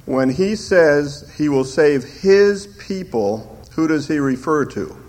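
An older man preaching a sermon as pastor, slow and emphatic, lifting his voice when he quotes scripture. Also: a little high, animated, darkish tone.

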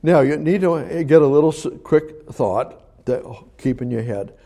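Male preacher, mellow voice, conversational sermon with rhetorical questions, swings from emphatic to hushed. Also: fairly high pitch, a little slow.

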